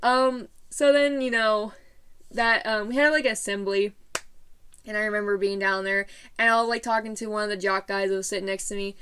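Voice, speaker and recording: A woman's voice: medium pitch, fairly even intonation, a little fast, fairly bright tone, a little hiss or hum. A teenage girl telling a story in a casual vlog, bubbly and rambling with lots of fillers. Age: late teens.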